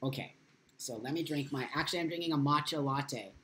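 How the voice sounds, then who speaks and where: A man's voice: fairly high pitch, a little fast, pushed and bright. A man talks straight to his viewers on a casual live stream. He speaks with strong feeling, curses often and reads out their comments as he goes. His delivery is loose and unscripted. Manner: impassioned, swears freely.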